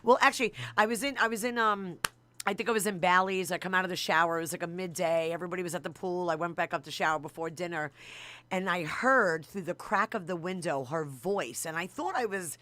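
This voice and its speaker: A woman hosting a live internet radio show, chatty and excitable, joking between questions. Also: lowish voice, fairly quick.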